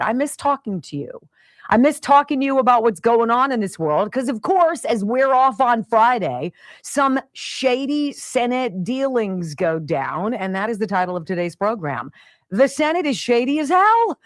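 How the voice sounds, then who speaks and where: Lively talk radio hostess. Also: female voice, mid-range voice, no echo. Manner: upbeat, emphatic, folksy. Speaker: radio show host.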